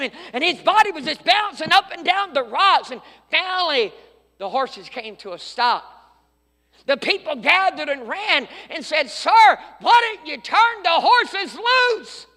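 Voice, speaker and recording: A middle-aged man delivers a fervent sermon in a church sanctuary. His voice sits very high and rings bright and forceful. The hall gives it a long, trailing reverb. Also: big pitch swings, unhurried. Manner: fervent preaching, swings from loud to hushed. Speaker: preacher.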